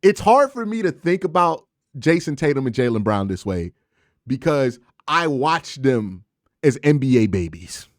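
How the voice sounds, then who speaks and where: Animated man reacting to a basketball game. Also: medium pitch, a little slow, dry recording, clean studio sound. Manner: animated, slangy, emphatic with sound effects. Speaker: sports commentator vlogger. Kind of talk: excited casual sports reaction.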